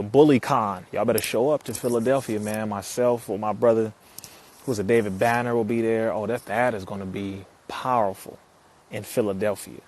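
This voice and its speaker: A man from Compton, California, talking casually on a live stream, reading out where viewers are from and giving them shout-outs, with frequent laughter and loud outbursts. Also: lowish voice. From United States (Compton, California). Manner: lively, reads out viewers' locations and gives shout-outs.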